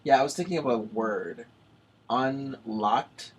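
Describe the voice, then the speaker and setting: A man's voice: medium pitch, husky. A young man hosting a casual late-night college radio chat, rambling and restarting his sentences often. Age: young adult. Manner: rambling, halting, many restarts.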